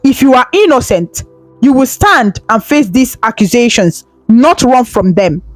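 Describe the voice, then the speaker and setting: Storybook elder: a woman playing a sad, stern old chief, slow and measured. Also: a little high, lively intonation, no echo, faint music behind.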